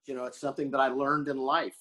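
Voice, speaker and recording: An older man from Florida, a podcast guest telling animated stories and acting out the people he quotes. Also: medium pitch, quick pace. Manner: animated storyteller who acts out quotes. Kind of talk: casual storytelling chat.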